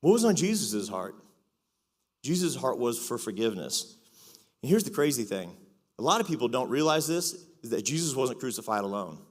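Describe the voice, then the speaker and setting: A man's voice: mid-range voice, big pitch swings, moderate pace. A man preaching a sermon in a chatty, confessional way, with joking asides. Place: church auditorium. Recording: echoey hall reverb.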